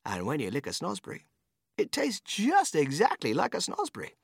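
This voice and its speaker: An actor playing a manic, whimsical man who runs a candy factory, swinging from shouting to whispering. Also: on the high side, huge pitch swings, normal speed, vocal fry, breathy edge, no room sound, clean studio sound, voice pushed up, heavily acted. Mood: excited. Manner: bursts of shouting and sudden whispers.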